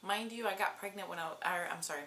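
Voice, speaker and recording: A woman's voice: mid-range voice, fast, sharp tone, a little hiss or hum. A woman in her twenties telling a personal story in a casual, chatty vlog, with many fillers. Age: 20s. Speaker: vlogger.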